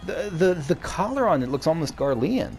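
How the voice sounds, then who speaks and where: Commentating on his game with chatty enthusiasm, this let's play host keeps breaking off mid-thought while quiet game music plays. His fairly high, very animated voice has a darkish tone and a moderate pace.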